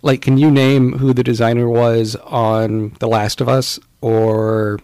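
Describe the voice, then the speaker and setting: A man's voice: mid-range voice, little pitch movement, takes it slowly, a little mellow, clear, resonant tone, no echo. A man co-hosting a casual podcast chat about retro video games, rambling along with lots of fillers and restarts. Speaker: podcast co-host.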